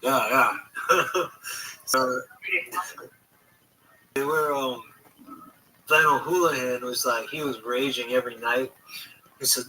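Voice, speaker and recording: Bright-voiced man rambling on a livestream. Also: mid-range voice, expressive, measured pace, long pauses, recorded from a distance, a little hiss or hum, poor audio. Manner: rambling, hesitant, many restarts. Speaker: livestream host. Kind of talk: casual storytelling chat.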